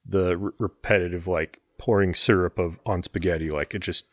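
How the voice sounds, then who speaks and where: A man's voice: low-pitched, steady tone, moderate pace, no echo, studio quality. A man on a movie podcast who talks casually, packing his speech with fillers like "like" and "you know.". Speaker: podcast co-host. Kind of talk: casual movie-review chat.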